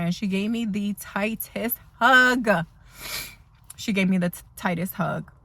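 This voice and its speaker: A woman's voice: medium pitch, measured pace, fairly bright tone. A woman instructor telling a heartfelt story in a rambling, emotional vlog from her car. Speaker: dental assisting instructor. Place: parked car.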